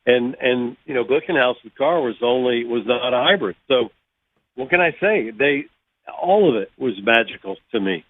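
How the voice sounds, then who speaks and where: A man's voice: mid-range voice, lively intonation, moderate pace. A man, a guest former racing driver, rambling and backing up to restart his thoughts on a call. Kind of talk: casual chat on a call. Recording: tinny phone line.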